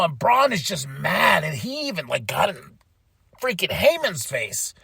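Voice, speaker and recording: A man hosting a podcast, excitedly recapping a wrestling show in casual chat, laughing and swearing freely. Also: sits high, a little slow, creaky, breathy edge, no echo. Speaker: podcast host.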